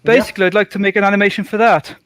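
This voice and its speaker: A man's voice: high-pitched, little pitch movement, very fast, fairly bright tone, no room sound. A British man chatting as a guest on a video call, hesitant and self-deprecating, often laughing. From Britain. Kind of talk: casual video call chat.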